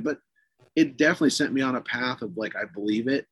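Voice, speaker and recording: A man's voice: mid-range voice, fairly quick, husky, no room sound. A man, a podcast guest, casually tells a long ghost story with lots of swearing and fillers. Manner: profane, animated, lots of fillers.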